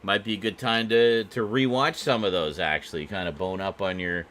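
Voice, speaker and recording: Low, bright-toned rambling male streamer. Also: steady tone, normal speed, a little hiss or hum. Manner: rambling, lots of fillers and restarts. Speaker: streamer host chatting with viewers. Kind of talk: casual live-stream chat.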